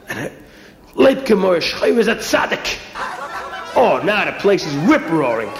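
A man's voice: sits high, a little fast, creaky, a faint crowd. A man telling a comic story with lots of energy and character voices. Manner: animated, energetic. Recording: roomy echo.

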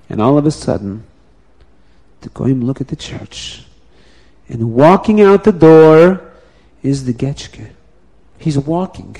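A man telling a folk tale aloud, animated and repeating phrases, now and then restarting words. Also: a little high, unhurried, pauses often. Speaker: storyteller.

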